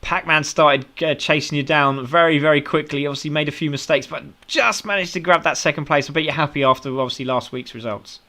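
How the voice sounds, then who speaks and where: A man's voice: fairly high pitch, brisk, hardly any pauses, sharp tone. A man with a British accent doing upbeat post-race interviews as a sim racing commentator, full of praise for the drivers.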